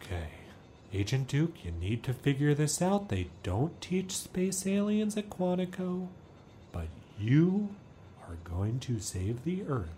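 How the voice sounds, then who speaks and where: An actress playing a frazzled female government agent who yells in exasperation. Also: low voice, big pitch swings, takes it slowly, slight background noise, heavily acted. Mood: exasperated. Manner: exasperated, yelling.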